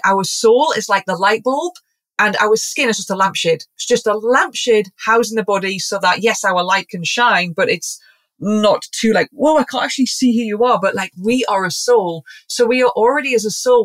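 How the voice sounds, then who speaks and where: A woman's voice: mid-range voice, moderate pace, fairly bright tone. A woman speaking as a podcast guest, a zoologist and shamanic practitioner, talking in an earnest, rambling way with many restarts. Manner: acts out quoted voices. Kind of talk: casual podcast conversation.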